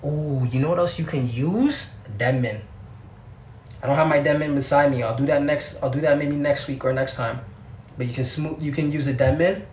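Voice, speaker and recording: A man's voice: on the high side, moderate pace, a little mellow, a little hiss or hum. A young Canadian man with a Canadian accent, chatting casually during a hair tutorial livestream. He is laid-back and slangy and repeats his words. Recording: echoey room.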